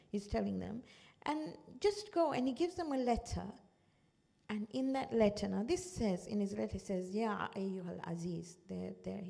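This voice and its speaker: Gravelly, mellow-voiced woman teaching a religious class. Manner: storytelling, acts out quotes with lively pitch jumps; checks in with the listeners. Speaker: Quran teacher. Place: community centre hall.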